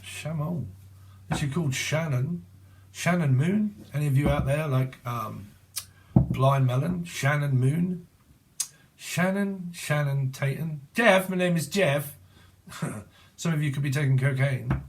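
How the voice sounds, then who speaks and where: Speaking unhurriedly in a fairly high voice with a little background hiss, a British tarot reader in his forties rambles through a reading. It's full of jokes, wordplay, frequent laughter and casual swearing.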